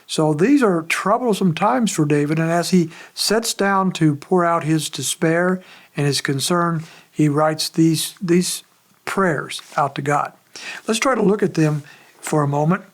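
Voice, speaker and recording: Higher-pitched male pastor, conversational, unhurried expository sermon. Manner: conversational, measured preaching with frequent pauses.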